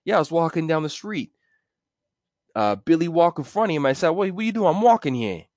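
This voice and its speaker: A man voicing a brash, blunt male New York mobster with a gruff street manner and a put-on New York accent. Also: a little high, very animated, brisk, darkish tone, no echo, studio quality, voice pushed up. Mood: boastful.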